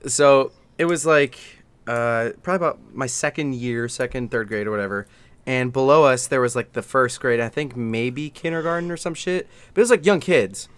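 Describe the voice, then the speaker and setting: Bright-voiced young man telling a story. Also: mid-range voice, normal speed, clean tone, dry recording. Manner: profane, laughing storyteller. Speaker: podcast host. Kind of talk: casual chat on a call.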